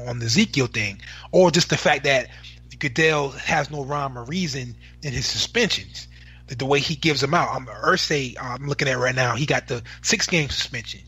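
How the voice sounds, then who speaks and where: A man argues his side of a sports debate, with frequent stammers and restarts. His voice sounds bright and tense, with a husky edge. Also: mid-range voice. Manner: halting, with many restarts and stammers.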